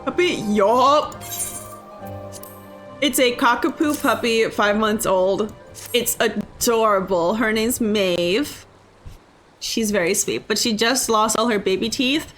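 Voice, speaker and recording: A woman's voice: on the high side, slow pace, a bit bright, soft background music. A woman game streamer chatting casually and rambling about her day while she plays. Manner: chatty, self-mocking, rambling. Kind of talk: casual chat while gaming.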